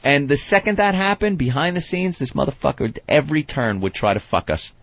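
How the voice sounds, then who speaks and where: A male radio co-host rants bluntly and swears freely in casual studio banter. His voice has an ordinary pitch. The sound comes through slightly muffled. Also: expressive, brisk, vocal fry. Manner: blunt and profane, ranting.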